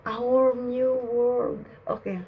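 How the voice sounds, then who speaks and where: Slow, breathy woman talking to spirits. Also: on the high side, little pitch movement, narrow, tinny audio. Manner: emotional, laughing and near tears, halting. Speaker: spiritual channeler.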